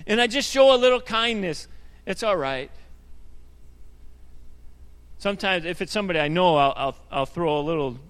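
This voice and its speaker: A male pastor with a notably high voice delivers a sermon in an easy, conversational way, stumbling over repeated words and throwing in asides. His voice rings out with the long reverb of a church sanctuary. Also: fast talker, few pauses, a bit bright, clear, resonant tone. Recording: hall reverb.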